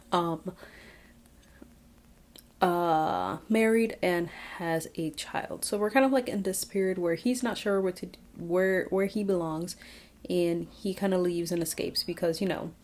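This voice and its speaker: A woman's voice: fairly low pitch, steady tone, measured pace, a little mellow. A woman giving a casual, reflective Bible recap, chatty with many fillers and restarts. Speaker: Bible study vlogger. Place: outdoors, windy.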